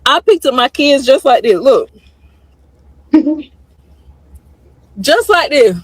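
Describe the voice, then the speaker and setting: A high-pitched woman tells her story with mounting indignation and acts out both sides of the exchange. Her voice is close to the mic and dry, with no room sound behind it. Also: very animated, slow, no echo, low-quality recording. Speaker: storyteller recounting a salon visit. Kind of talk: animated storytelling to viewers.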